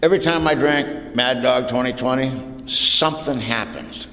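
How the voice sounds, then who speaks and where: A man's voice: medium pitch, normal speed, pushed and bright. A man from California telling his own recovery story at an AA meeting in a folksy, storytelling way, dropping "man" and "you know" as he goes. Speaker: AA speaker. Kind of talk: personal recovery talk. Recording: echoey hall, faint room noise.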